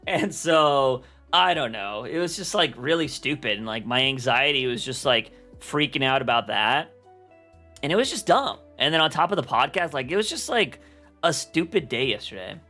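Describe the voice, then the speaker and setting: A man's voice: on the high side, lively intonation, moderate pace, bright, forceful tone, faint music behind. A young man chatting casually on a livestream, rambling with lots of fillers and restarts. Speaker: streamer.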